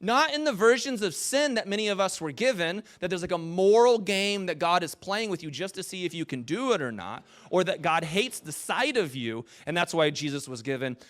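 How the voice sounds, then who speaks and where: A man giving a conversational sermon as a pastor, animated and jokey, talking with his congregation. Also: high voice, brisk, few pauses.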